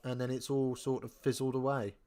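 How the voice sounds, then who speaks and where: A man's voice: mid-range voice, flat delivery, fairly quick, warm tone. A young man from England hosting a live rugby watch-along, chatting casually, thinking aloud and answering viewers as he follows the match.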